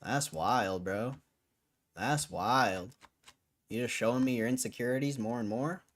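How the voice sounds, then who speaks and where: A man's voice: mid-range voice, measured pace. A man on a live stream, arguing with his chat in a casual, cussing way, tired after hours on air. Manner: argumentative, swears, laughs between lines. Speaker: livestreamer.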